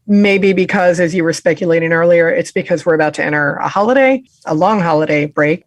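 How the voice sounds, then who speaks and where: A woman's voice: lowish voice, no room sound. A woman co-hosting a podcast, summarizing a criminal trial in a chatty, self-deprecating way. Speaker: podcast co-host. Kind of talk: casual true-crime discussion.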